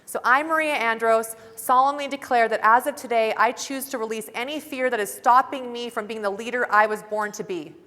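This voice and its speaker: Woman speaker, fairly high bright voice, fervent and casual, reverberant conference hall. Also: a little fast, few pauses. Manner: fervent, casual, audience-rousing. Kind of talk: motivational seminar talk. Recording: hall reverb from live event.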